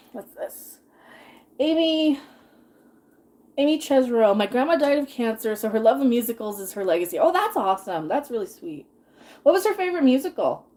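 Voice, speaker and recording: A woman's voice: fairly high pitch, big pitch swings, fast talker, darkish tone. A woman in her thirties chatting casually while cooking on a live stream, rambling and laughing often as she reads chat.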